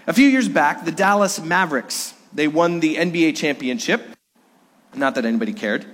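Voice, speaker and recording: Earnest preacher with hall echo. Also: male voice, fairly high pitch. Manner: earnest, conversational preaching with swings in emphasis. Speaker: pastor. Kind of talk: sermon. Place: church during a Sunday worship service. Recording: long reverb of a church hall.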